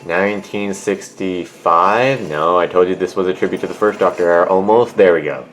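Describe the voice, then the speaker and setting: A man's voice: deep voice, moderate pace, a bit bright, faint music behind. A man giving a casual, rambling and jokey review of a show at home, often correcting himself. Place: at home with a cat on his lap.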